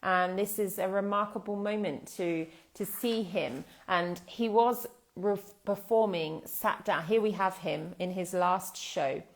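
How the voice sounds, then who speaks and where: A British woman teaching English in a live online lesson, speaking in a thoughtful, explanatory way with pauses and fillers. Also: mid-range voice, fairly even intonation.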